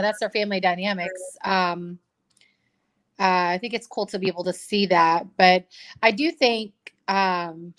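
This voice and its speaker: A woman in her thirties talks through her thoughts on a novel in a relaxed, rambling way. She circles back often and leans on fillers as she goes. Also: mid-range voice. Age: 30s. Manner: rambling, many fillers and restarts. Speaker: co-host. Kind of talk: casual book chat.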